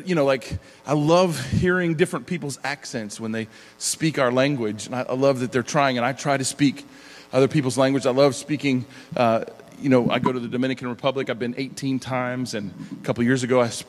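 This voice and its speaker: A middle-aged man preaching a conversational sermon, animated and chatty, often laughing between sentences. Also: mid-range voice. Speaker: pastor. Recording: long hall reverb.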